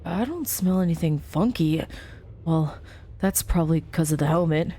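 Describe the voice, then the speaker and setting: A woman's voice: low voice, animated, normal speed, warm tone. A young woman playing a story game, reading its text aloud with chatty, giggly asides. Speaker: let's play host.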